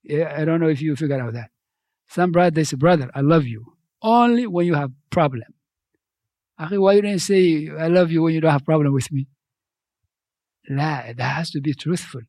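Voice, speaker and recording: A man's voice: a little high, moderate pace, pauses often, a little mellow, no echo. Preaching man, second-language English. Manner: conversational, repeats phrases, non-native grammar. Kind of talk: sermon.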